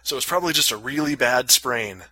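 A man's voice: medium pitch, expressive, quick pace, bright, forceful tone, slight background noise. A man casually telling a long story on a podcast, full of fillers and crude jokes. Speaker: podcast co-host.

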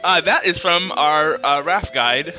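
A man co-hosting a podcast in casual comedic chat, excitable and laughing a lot. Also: fairly high pitch, unhurried, soft background music. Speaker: podcast co-host.

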